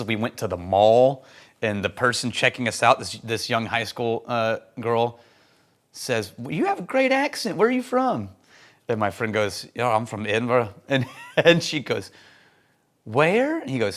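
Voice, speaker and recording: A man hosting a casual whisky tasting vlog and giving advice. He is animated and opinionated, laughs often, and rushes through his asides. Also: lowish voice. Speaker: whisky reviewer and host.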